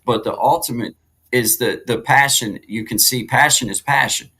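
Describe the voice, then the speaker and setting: Bright-voiced folksy man co-hosting a stream. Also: mid-range voice, moderate pace, slightly rough, poor audio. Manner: folksy, rambling, gives shout-outs to viewers. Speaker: co-host of a live music and talk stream. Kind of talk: casual live-stream chat.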